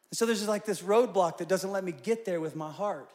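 A man in his forties preaching a sermon, telling personal stories in an animated way and rising to loud, emphatic peaks. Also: high voice, a little fast, hardly any pauses. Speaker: pastor.

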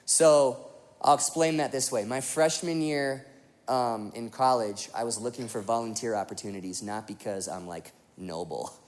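A young man preaching a sermon, telling a story in a lively way with lots of fillers. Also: mid-range voice, moderate pace. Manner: animated storytelling with many fillers. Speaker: pastor.

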